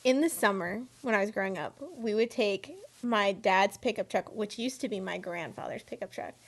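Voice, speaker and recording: A woman's voice: medium pitch, normal speed. A woman co-hosting a faith podcast, chatting in an upbeat, casual way. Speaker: podcast co-host. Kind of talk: casual chat.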